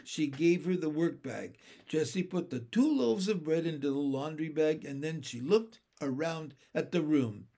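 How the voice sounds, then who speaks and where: A man reading a children's chapter book aloud in a gentle storytelling manner. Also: fairly high pitch, lively intonation, unhurried, creaky, hardly any pauses. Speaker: narrator. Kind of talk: audiobook narration of a children's book.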